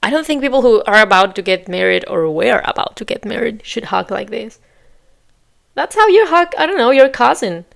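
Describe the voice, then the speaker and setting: Exasperated woman with a gravelly voice. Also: on the high side, lively intonation, normal speed. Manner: exasperated, talks back at the screen. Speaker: reaction video host. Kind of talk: casual reaction commentary.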